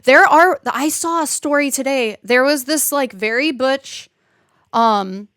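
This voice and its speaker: A woman co-hosting a podcast in casual chat, animated and jokey and quick to laugh, on a close mic. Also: high voice, smooth, no echo. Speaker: podcast co-host.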